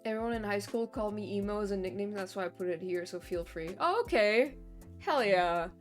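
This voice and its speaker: A woman's voice: mid-range voice, animated, a little fast. A young woman streamer in casual chat, venting in long rambling runs full of fillers and swearing. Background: faint background music.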